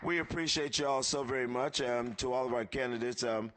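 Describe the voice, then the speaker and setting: A man's voice: medium pitch, a little fast, a bit bright, some chatter behind. Man calling guests to the stage. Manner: upbeat, calls guests up one by one. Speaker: event emcee. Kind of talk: live event emcee, calling names. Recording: live event stream.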